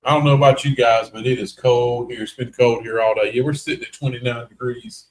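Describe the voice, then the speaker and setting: A man's voice: mid-range voice, steady tone, brisk, a little hiss or hum. A man with a North Carolina accent, co-hosting a casual live stream in a chatty, folksy, teasing way. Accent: Southern US, North Carolina. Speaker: co-host of paranormal live stream.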